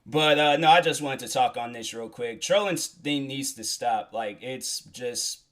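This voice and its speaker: A man's voice: medium pitch, unhurried, fairly bright tone. A young man hosting a solo podcast, talking in a casual, rambling, earnest way with many fillers and restarts. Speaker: podcast host.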